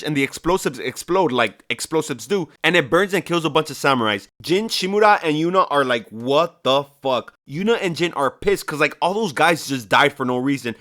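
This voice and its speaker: A man's voice: fairly high pitch, fairly bright tone. A young man sarcastically retelling a video game's story with lots of slang and swearing. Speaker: video game story recapper. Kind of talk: comedic story recap.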